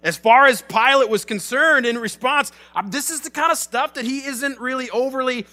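A man's voice: extremely high pitch, normal speed, bright, forceful tone, faint music behind. A man in his thirties preaching a sermon in a church, retelling the story casually and animatedly with many restarts. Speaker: pastor.

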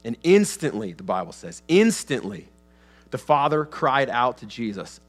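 A man's voice: mid-range voice, sing-song, normal speed, faint music behind. A man preaching a sermon in a church, talking conversationally with frequent restarts and acting out quotes. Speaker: pastor. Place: church sanctuary.

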